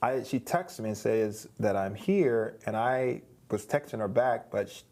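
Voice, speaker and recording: A man's voice: lowish voice, measured pace, warm tone. A middle-aged man, a guest on an interview show, animatedly telling a story, acting out quoted voices, with frequent restarts.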